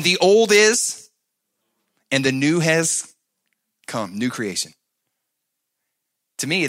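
A man preaching a sermon, moving from loud, emphatic passages to soft, hushed asides and asking the congregation to answer back. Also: mid-range voice. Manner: talks to the congregation, asks them to answer back. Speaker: pastor.

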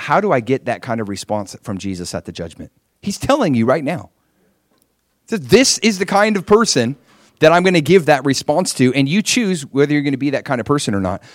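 Animated, lively-voiced male preacher. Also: a little high, no echo, clean studio sound. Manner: animated, conversational, acts out quoted voices. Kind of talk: sermon.

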